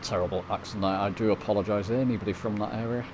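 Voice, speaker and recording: A man's voice: on the low side, steady tone, very fast, background noise. A man from the UK casually commenting on his flight simulator as he flies, chatting to viewers as he goes. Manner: chatty, talks to viewers while flying. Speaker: flight sim video host. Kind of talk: casual commentary over gameplay.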